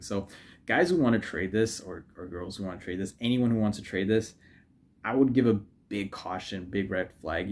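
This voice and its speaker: A man's voice: on the low side, darkish tone. A man hosting a trading channel, talking casually over his screen, rambling, joking and correcting himself with lots of fillers. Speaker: forex trading YouTuber. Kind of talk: casual screen-share commentary.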